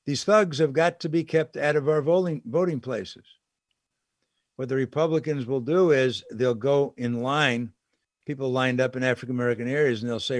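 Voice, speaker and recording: Man, political commentary, indignant, emphatic, sarcastic asides, middle pitch, dry close sound. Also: normal speed, no echo.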